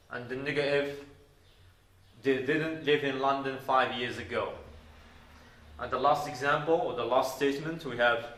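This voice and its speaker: Slow, deliberate man teaching grammar. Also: medium pitch, fairly bright tone. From Morocco. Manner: deliberate, repeating words and spelling out endings. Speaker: English teacher. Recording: roomy echo.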